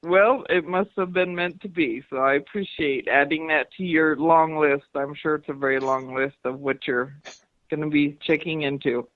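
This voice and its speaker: A woman calling in to a radio show, speaking in a warm, appreciative way. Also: low-pitched, fairly even intonation, moderate pace, no room sound. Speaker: caller. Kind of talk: call-in chat. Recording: dry tinny phone line.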